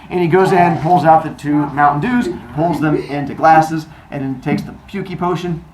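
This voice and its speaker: A man's voice: on the high side, moderate pace, a crowd in the background. A male teacher telling a myth to a class in a playful, jokey way, recorded in a classroom from a distance. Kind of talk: classroom storytelling. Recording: roomy, distant mic.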